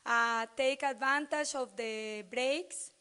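High-voiced woman with slow, halting delivery. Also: sharp tone, clear, resonant tone. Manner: hesitant, many fillers and restarts. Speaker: university extension professor welcoming attendees. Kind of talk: opening welcome speech at a short course.

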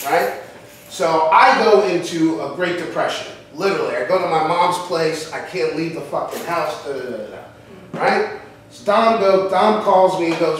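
A man's voice: fairly high pitch, background noise. A man, an acting teacher, telling a profane story in a casual way to a class, acting out his friends' voices. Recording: echoey room, far from the mic.

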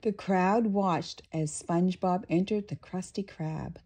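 A woman reading a picture book aloud to children, expressive and playful with asides. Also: on the low side, unhurried, hardly any pauses, slightly rough. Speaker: storyteller.

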